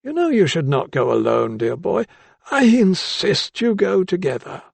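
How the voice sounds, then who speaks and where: A man voicing an elderly anatomist in an audiobook, gruff and blustering, with a raised, slow, drawn-out delivery. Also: high voice, wildly swooping pitch, no room sound, pitched above the performer's own voice, heavily acted. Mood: insistent, commanding.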